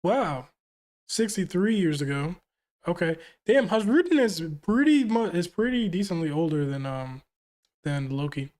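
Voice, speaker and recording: A man's voice: sits high, sing-song, a little slow, a little mellow. Brief: man, live comic-reaction streamer, casual and slangy, exclamations between panel reads. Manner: slangy, exclamatory, often ends lines with yo or bro.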